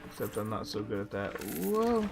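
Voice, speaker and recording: A man's voice: on the low side, lively intonation, a little slow, music in the background. A young man casually commenting on his gameplay, chatty and reacting aloud as he reads game text. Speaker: gaming video host.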